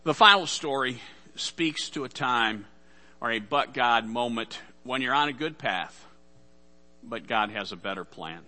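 A man's voice: medium pitch, lively intonation, a little slow, sharp tone. A man preaching a sermon as pastor, casual and conversational, acting out the voices in Bible stories.

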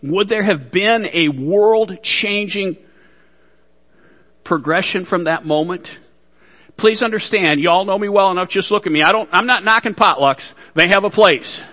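Casting note: male pastor, high, bright voice, folksy sermon with jokes, reverb of a large church hall. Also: a little slow. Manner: folksy, joking asides to the congregation.

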